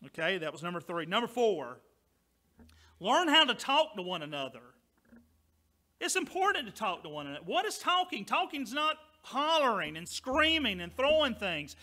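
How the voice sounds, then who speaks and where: Preacher guy, high bright voice, talks loud and punchy then goes quiet for asides. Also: sing-song, moderate pace. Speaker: pastor. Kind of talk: sermon.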